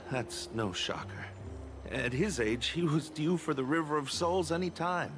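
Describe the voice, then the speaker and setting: An actor playing a harried young man who sounds flustered and defensive in game dialogue, with clear game music underneath. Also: on the high side, measured pace, close to an everyday voice.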